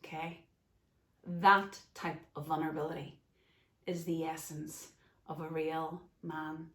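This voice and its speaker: A woman hosting a podcast, talking off the cuff with earnest emphasis, her voice sitting a little low. She speaks in an echoey room. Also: level tone, measured pace, fairly bright tone. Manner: earnest, emphatic, gets emotional at times. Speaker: life coach and podcast host. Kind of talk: unscripted podcast monologue.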